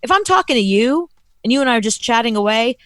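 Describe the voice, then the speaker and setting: A woman co-hosting a casual podcast chat, animated and quick to laugh. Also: on the high side, dry recording. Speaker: co-host.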